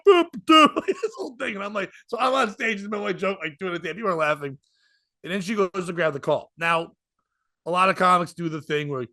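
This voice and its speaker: A male comedian telling stories on a podcast with a bright, tense edge and a voice set a little high. He is animated and slips into the voices of the people in his stories. The sound is close and dry. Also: dry recording. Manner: animated, acts out quoted voices. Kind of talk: casual storytelling chat.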